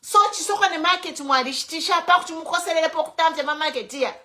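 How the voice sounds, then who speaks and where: A woman's voice: very high voice, quick pace, sharp tone. A Zambian woman hosting an online show, giving fiery political commentary full of rhetorical questions, moving between English and Bemba.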